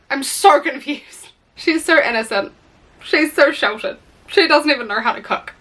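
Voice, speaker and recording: Sarcastic, bright-voiced woman reading aloud. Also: high voice, moderate pace. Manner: sarcastic, exasperated running commentary. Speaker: reaction video host. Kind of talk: comedic reading with commentary.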